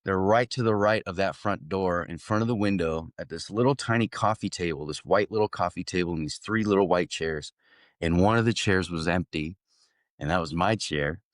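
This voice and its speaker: A man's voice: sits low, moderate pace, no room sound, studio quality. A young adult man, an actor guest, telling a story casually and animatedly, laughing often and restarting sentences.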